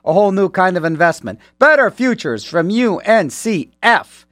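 A man's voice: sits high, very animated, moderate pace, fairly bright tone, dry recording, studio quality. A man doing a goofy, dim-witted cartoon moose voice while reading an ad.

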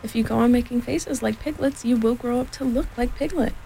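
A brisk mother kangaroo talks in a cheerful, soothing way that turns firm and no-nonsense, a storybook parent at bath time, played by a woman reading aloud. Her voice is mellow and warm-toned. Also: on the high side, gravelly, slight background noise, low-quality recording.

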